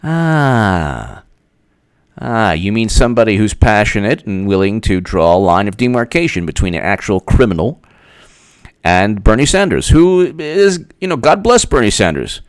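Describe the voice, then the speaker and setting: A man's voice: fairly low pitch, big pitch swings, moderate pace, clear, resonant tone, no room sound, studio quality. A man hosting a political commentary monologue, talking in a sarcastic, rambling way. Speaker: political commentator, channel host.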